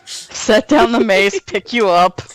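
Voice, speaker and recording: A woman playing a tabletop game casually, loud and excitable, swearing often. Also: medium pitch, slow pace. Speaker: player.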